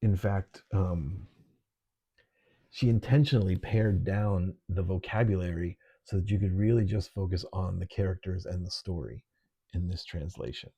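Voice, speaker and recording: A middle-aged man teaching an online literature lesson, relaxed and conversational, with frequent ums. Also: deep voice, moderate pace, slightly rough.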